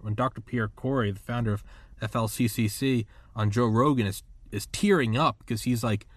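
A man in his thirties talks in a loose, rambling way, acting out what others say as he hosts. His voice sits at a middle pitch. The sound is close and dry. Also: moderate pace, no echo. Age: 30s. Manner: rambling, animated, acts out quotes. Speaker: podcast host. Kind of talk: casual chat.

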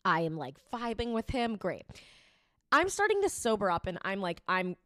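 A young woman co-hosting a podcast, telling a story in a lively, casual chat, laughing and swearing freely. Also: medium pitch, moderate pace, dry recording, studio quality. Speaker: podcast co-host.

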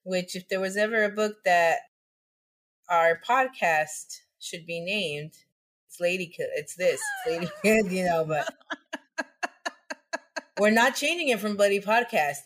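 A woman co-hosting a casual podcast, relaxed and giggly as she leads into the story. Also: medium pitch, a little slow. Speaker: podcast co-host. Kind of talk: casual chat, presenting a story.

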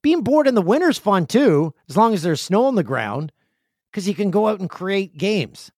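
A man's voice: big pitch swings, moderate pace, no echo. Chatty man hosting a dry podcast. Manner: chatty, jokey, acts out friends in loud high voices. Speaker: podcast host. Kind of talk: casual solo podcast chat. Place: home studio with stairs nearby.

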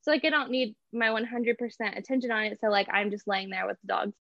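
A woman's voice: medium pitch, steady tone, fast talker, creaky, sharp tone, no echo, lo-fi sound. A young woman, an artist and small business owner, chatting casually as an interview guest, laughing often and filling with "like" and "you know".

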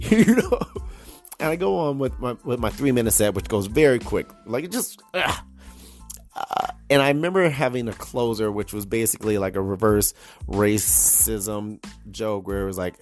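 A man's voice: medium pitch, very animated, moderate pace, faint music behind. A young adult man hosting a podcast, telling a story casually, laughing often and restarting his sentences. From United States. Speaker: podcast host.

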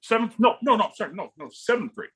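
A man in his forties from Illinois, a guest telling casual stories about his daughter's recruiting, acting out quotes with sudden jumps in pitch. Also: very animated, fast, a bit bright, breathy edge. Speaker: guest, parent of a volleyball recruit. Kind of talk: casual storytelling.

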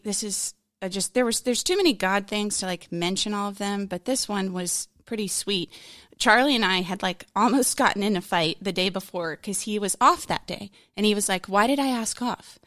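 A woman's voice: medium pitch, fairly bright tone, no echo, studio quality. A woman in a conversational interview, telling a personal story in a frank, candid, rambling way, full of fillers and emotion. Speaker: podcast guest.

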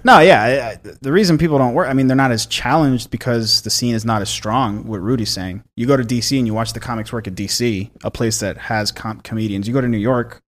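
A man's voice: medium pitch, a little fast, hardly any pauses. A man co-hosting a casual podcast chat, swearing freely and laughing often as he rambles. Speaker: podcast co-host.

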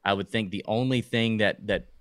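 A man's voice: on the low side, steady tone, normal speed, no echo, studio quality. A man co-hosting a casual sports talk podcast, rambling and hesitant, with frequent restarts. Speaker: podcast co-host.

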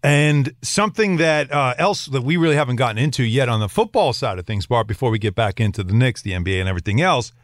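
A man's voice: medium pitch, fast talker, few pauses, dry recording. Guy hosting sports radio, teasing, voice jumps all over, dry studio sound. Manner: teasing, animated, mimics people.

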